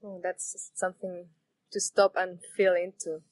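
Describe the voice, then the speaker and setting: A woman hosts an interview, asking her questions in a soft and reflective way. She speaks very slowly and hesitates as she searches for words. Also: lowish voice, flat delivery, low-quality recording. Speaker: podcast host.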